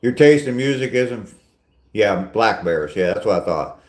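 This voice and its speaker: A man's voice: fairly low pitch, lively intonation, measured pace, echoey room. An older man hosting a casual live stream on a walk, chatting with viewers in a rambling, self-deprecating way. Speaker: vlogger reading live chat.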